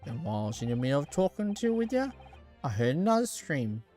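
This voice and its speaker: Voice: mid-range voice, sing-song, fast talker, warm tone, faint music behind, close to an everyday voice. A streamer reading the lines of a chatty, evasive male witness in a put-on Irish brogue that slips. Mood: rambling. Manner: attempted Irish brogue, soon dropped. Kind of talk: game dialogue read aloud.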